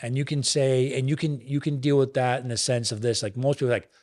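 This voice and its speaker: A man's voice: mid-range voice, fairly even intonation, fast, darkish tone. Earnest man coaching on relationships. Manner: earnest, coaching tone, acts out dialogue. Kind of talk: podcast conversation on relationships.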